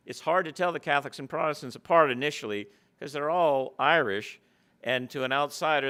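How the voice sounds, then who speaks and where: A man's voice: medium pitch, bright, forceful tone, smooth. A man giving a public lecture, mixing stories into his talk. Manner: anecdotal, storytelling.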